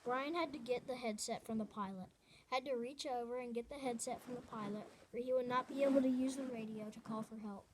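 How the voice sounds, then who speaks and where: A woman reads a novel aloud in a fairly high voice. Her delivery is earnest and unpolished, and she often stumbles, restarts and corrects herself mid-sentence. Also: fairly even intonation, brisk, noisy background. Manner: earnest reading with frequent restarts and self-corrections. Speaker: reader.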